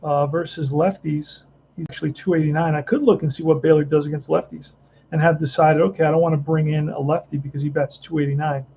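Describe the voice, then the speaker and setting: Gravelly high-voiced man rambling over a tabletop game. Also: level tone, fast, dark tone, highs cut off, a little hiss or hum. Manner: rambling, thinks aloud, restarts often. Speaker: tabletop baseball player narrating a replay. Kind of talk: casual play-by-play and chat.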